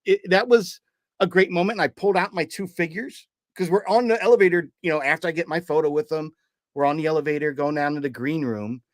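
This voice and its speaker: A man's voice: on the high side, fast, no echo, studio quality. A man co-hosting a podcast, telling a personal story in casual chat and acting out the remembered dialogue as he goes. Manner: lively storyteller who acts out remembered dialogue. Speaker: podcast co-host.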